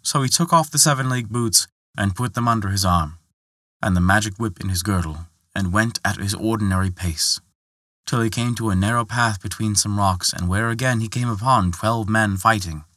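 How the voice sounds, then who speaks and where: A man narrating a folktale, reading in an expressive way and lifting his voice for the characters' lines. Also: moderate pace, dry recording, clean studio sound. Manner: expressive, lifts pitch for quoted characters. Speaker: storyteller.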